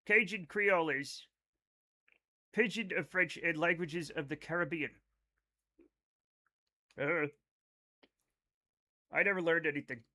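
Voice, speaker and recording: High bright-voiced joking streamer man. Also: slow, pauses often. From United States. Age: 30s. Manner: joking, reads chat aloud. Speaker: live streamer. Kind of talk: casual chat while gaming.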